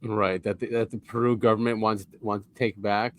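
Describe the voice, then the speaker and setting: A man's voice: lowish voice, little pitch movement, normal speed, no room sound. A man co-hosting a podcast in casual chat, rambling a little and reading article passages aloud, recorded on a close mic. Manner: rambling, chuckles often, reads articles aloud. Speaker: podcast co-host.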